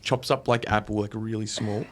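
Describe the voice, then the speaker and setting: A man's voice: on the low side, fairly even intonation, moderate pace, fairly bright tone. An Australian man in a casual podcast chat, jokey and easygoing.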